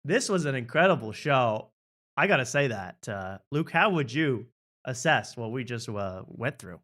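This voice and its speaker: Lively laughing male talk-show host. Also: mid-range voice, moderate pace. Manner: animated, laughs often, repeats catchphrases. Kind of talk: casual podcast chat.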